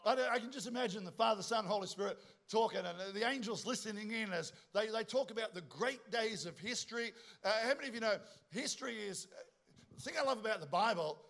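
Middle-aged man, high-pitched, lively joking preacher working the room. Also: a little fast, gravelly. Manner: animated, joking storyteller with asides to the congregation. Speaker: pastor. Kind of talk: sermon.

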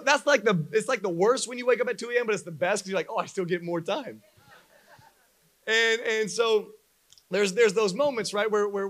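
A young man preaching a sermon to a congregation, telling stories with lively acted-out voices. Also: high voice. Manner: animated storyteller acting out voices for a live congregation. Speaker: pastor.

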